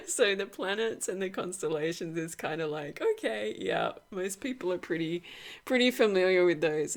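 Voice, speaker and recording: Slow, creaky-voiced chatty woman. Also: lowish voice. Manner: chatty, rambling, laughs often, many fillers. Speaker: oracle deck author. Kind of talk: casual unboxing walkthrough.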